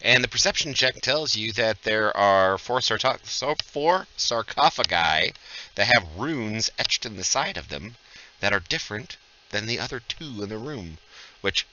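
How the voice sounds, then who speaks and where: A man's voice: on the low side, expressive, a little slow, bright, forceful tone, dull audio, slight background noise. A man acting as dungeon master in a live tabletop game, calling rolls and joking about the rules.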